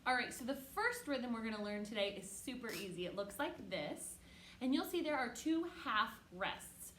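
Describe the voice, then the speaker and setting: Speaking at a normal speed with lively intonation, a woman with a somewhat high voice leads young children through an online music lesson. She stays patient and encouraging, chanting rhythm syllables loudly for them to repeat, and the sound is roomy with a little hiss or hum.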